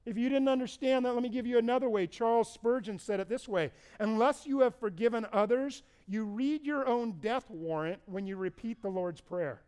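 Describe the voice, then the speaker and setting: A man's voice: very high voice, moderate pace, few pauses, darkish tone, clear, resonant tone. A middle-aged male pastor preaching a sermon in a conversational, storytelling way, repeating words for stress.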